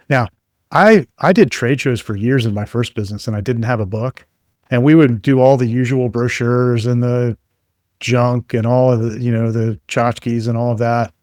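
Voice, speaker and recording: A man being interviewed as a guest expert, telling relaxed anecdotes full of fillers in a conversational way. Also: medium pitch, no room sound, clean studio sound.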